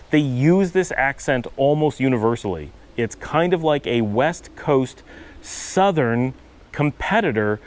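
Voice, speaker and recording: An American man with a Northern US accent talks outdoors into a handheld camera, explaining things thoughtfully with frequent restarts. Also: medium pitch. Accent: Northern US, Cleveland-Buffalo area. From United States. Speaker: vlogger. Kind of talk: casual explanatory monologue.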